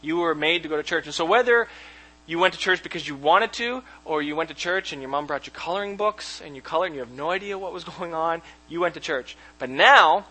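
Bright-voiced pastor, chatty sermon. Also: male voice, on the high side, animated, brisk, poor audio. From Canada. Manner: chatty and informal, chuckles and restarts often. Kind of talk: conversational sermon. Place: church sanctuary.

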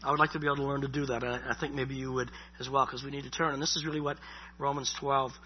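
A middle-aged pastor preaches a sermon conversationally, repeating words and saying "you know" again and again. His mid-pitched, husky voice keeps a level tone as he races along, and the lo-fi recording sounds dull.

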